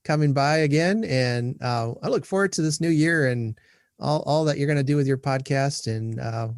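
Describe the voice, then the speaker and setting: A middle-aged man hosting a podcast in a relaxed, chatty way, laughing easily and agreeing often. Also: mid-range voice, normal speed, dry recording, clean studio sound. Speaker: podcast host. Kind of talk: casual interview chat.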